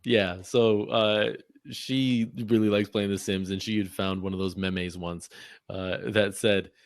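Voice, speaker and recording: A man's voice: lowish voice, fairly even intonation, measured pace, no echo. A man co-hosting a podcast, chatting casually, laughing often and telling stories with animation. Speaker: podcast co-host. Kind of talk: casual chat.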